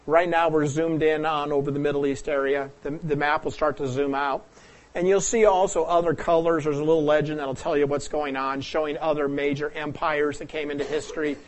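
A man from the Pacific Northwest of the United States preaching a sermon, talking it through like a teacher, asking the audience questions and often clearing his throat. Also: on the high side, fairly even intonation, brisk, a little hiss or hum.

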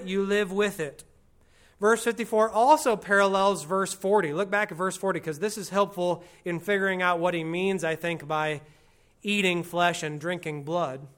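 A man with a noticeably high speaking voice delivers an expository sermon at an unhurried pace. He teaches conversationally, drops wry asides, and draws out the phrases he wants to stress. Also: fairly bright tone. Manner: slows and stresses key phrases. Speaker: pastor.

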